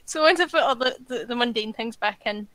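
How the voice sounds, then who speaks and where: Young woman playing a tabletop game, um-ing and laughing, bright voice, fairly high. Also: dry recording, rough recording. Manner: hesitant, many fillers and laughs. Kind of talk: casual play, describing her character.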